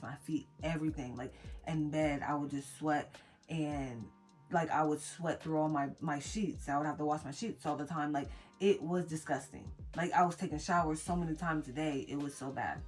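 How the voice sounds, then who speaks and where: A young woman vlogging to camera, telling an emotional personal story in a halting way with many restarts. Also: deep voice. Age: young adult. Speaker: mom vlogger.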